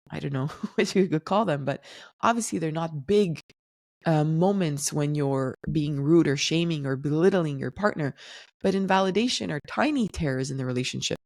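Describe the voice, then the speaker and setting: A woman hosting a solo podcast, explaining things in a calm, teaching tone. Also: low-pitched, moderate pace, dry recording, clean studio sound. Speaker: podcast host.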